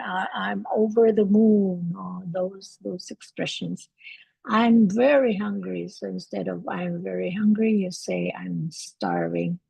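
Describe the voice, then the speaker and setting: A woman hosting a live English lesson from home, talking in a relaxed, halting way with many fillers and restarts. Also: mid-range voice, creaky, slightly rough, no echo, rough recording. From Canada. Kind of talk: casual livestream teaching.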